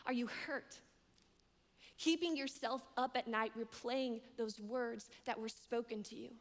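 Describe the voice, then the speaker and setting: A woman preaching as a young adult director, emphatic, repeating her key lines and swinging between loud and hushed. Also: a little high, fairly even intonation, measured pace. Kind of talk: sermon. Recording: long hall reverb.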